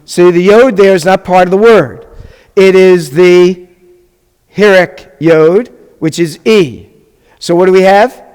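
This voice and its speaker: A man's voice: high voice, slow, darkish tone, smooth, big-room sound. A man teaching a Hebrew class as a rabbi, patiently spelling things out and checking in often with his students. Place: classroom or hall with a live class.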